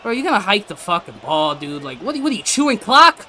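High bright-voiced dude yelling and cursing at his opponent while gaming, voice all over the place. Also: very animated, a little fast. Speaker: gaming YouTuber. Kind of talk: live gameplay commentary.

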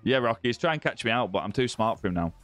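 A man's voice: medium pitch, lively intonation, racing, a bit bright, highs cut off. Guy streaming a fishing game, chatty and matey with viewers, desk mic in his room, faint music behind. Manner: chatty, friendly, greets viewers with "mate". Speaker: live-stream gaming host. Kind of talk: casual live-stream chat reading viewer comments. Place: indoor room with ring light.

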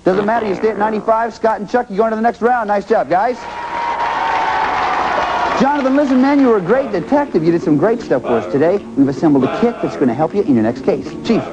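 A man hosting a TV game show, energetic and encouraging, repeating each contestant's answer. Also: sits high, quick pace, highs cut off, a loud crowd, very noisy.

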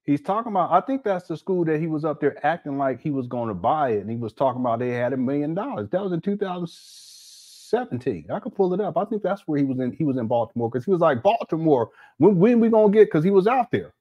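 A man hosting an offhand commentary, joking and teasing as he talks over a meal. His voice sits a little high for a man, loose and chatty. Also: animated, quick pace, hardly any pauses, highs cut off. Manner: joking, laughing, mocking asides; talks while eating. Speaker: commentary channel host. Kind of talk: casual reaction commentary.

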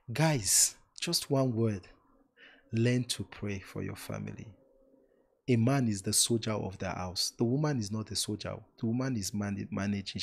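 A lowish, breathy-edged voice belongs to a man hosting a live-streamed relationship talk. Warm and emphatic with his online audience, he repeats words for stress and finishes with preacher-like blessings.

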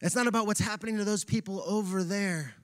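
A male pastor preaching a sermon in a church, casual and animated, using slang as he retells a Bible passage. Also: high-pitched, fast talker, no echo, studio quality. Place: church sanctuary.

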